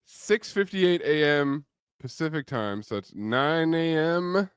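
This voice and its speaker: A man's voice: on the high side, expressive, takes it slowly, smooth, dry recording. A man hosting a podcast mailbag in casual chat with dry, wry banter. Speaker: podcast host.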